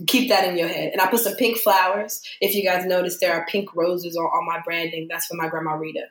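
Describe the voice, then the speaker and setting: A woman's voice: on the low side, fairly quick, echoey room. A young adult woman telling a story in casual chat, acting out the voices of the people she quotes. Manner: animated, acts out quoted voices. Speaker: podcast guest.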